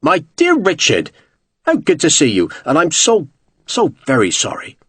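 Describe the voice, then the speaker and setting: A man's voice: a little high, huge pitch swings, normal speed, a bit bright, breathy edge, dry recording, voice pushed up, heavily acted. A man voicing a tall, fair-haired naval captain with a Devonshire accent, friendly and wry.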